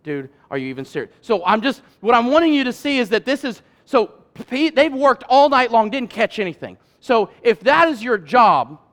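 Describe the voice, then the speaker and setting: A man preaching a sermon as pastor, talking in a loose conversational way and building to loud, emphatic peaks. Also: very high voice, lively intonation, normal speed, hardly any pauses.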